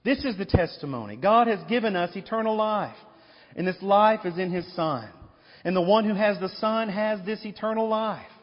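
High-voiced male pastor in an echoey hall. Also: lively intonation, normal speed. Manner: emphatic, repeating rhetorical questions. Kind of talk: sermon. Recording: echoey hall, dull lo-fi sound.

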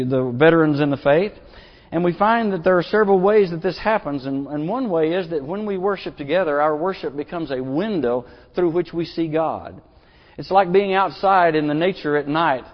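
Folksy preacher in a reverberant church. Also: male voice, fairly high pitch. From Arkansas. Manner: earnest, folksy, with repeated restarts. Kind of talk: sermon. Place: church sanctuary. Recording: dull lo-fi sound, long church reverb.

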